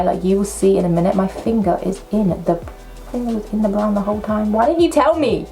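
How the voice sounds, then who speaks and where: A young woman, chatting her way through a makeup tutorial at home with excitable, self-mocking asides. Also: medium pitch, fast talker, soft background music. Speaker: makeup vlogger. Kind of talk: casual makeup tutorial chat. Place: at home at a table.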